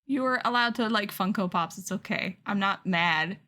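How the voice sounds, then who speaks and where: A woman's voice: medium pitch, moderate pace, sharp tone. A woman chatting casually and rambling a little while she paints a small figure on a livestream. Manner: chatty, rambling, laughs easily. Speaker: art streamer.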